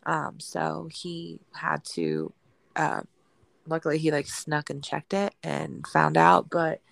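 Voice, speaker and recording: A woman co-hosting a podcast who tells animated family stories, acting out the quotes, and encourages listeners. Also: sits low, slow pace, vocal fry, no echo. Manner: animated storyteller, acts out her family in quotes. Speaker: podcast co-host. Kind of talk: casual chat and encouragement.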